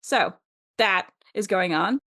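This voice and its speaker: A woman's voice: mid-range voice, slow pace, bright, forceful tone. Chatty middle-aged woman podcast co-host. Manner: chatty, rambling, laughs often, many fillers. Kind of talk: casual chat.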